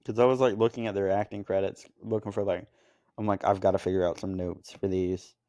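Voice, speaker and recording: Rambling low-voiced man chatting casually. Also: flat delivery, brisk, dark tone, no echo, studio quality. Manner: rambling, filler-heavy, jokey impressions. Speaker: podcast co-host reviewing films. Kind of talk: casual chat.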